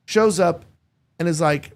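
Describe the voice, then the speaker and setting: A podcast host telling a crude, joking anecdote in a casual chat. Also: male voice, on the high side, measured pace, vocal fry.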